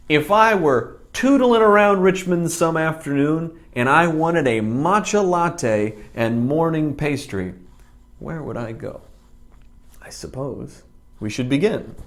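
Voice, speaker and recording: Dry-humored man rambling through a tasting. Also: mid-range voice. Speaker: food vlogger. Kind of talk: casual review vlog.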